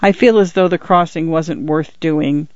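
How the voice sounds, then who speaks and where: A proud old pioneer grandfather, read by a man, speaking gently and wistfully, his voice a touch high for a man. The audiobook recording is dull and dry. Every line comes out slow and quiet. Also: fairly even intonation, dry recording, lightly acted. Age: older.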